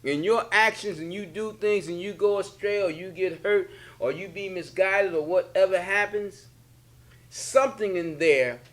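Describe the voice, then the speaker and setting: Speaking at normal speed in a high, fairly bright voice, a man who is a religious leader offers spiritual teaching during a relaxed sit-down talk. His delivery is preachy and colloquial, and he keeps going back over the same points.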